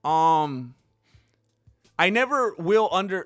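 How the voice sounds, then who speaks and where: A man's voice: fairly high pitch, normal speed, soft background music. A man hosting a casual livestream, telling stories animatedly with frequent laughter and reading chat aloud. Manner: animated storyteller who laughs often and reads chat. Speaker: channel host.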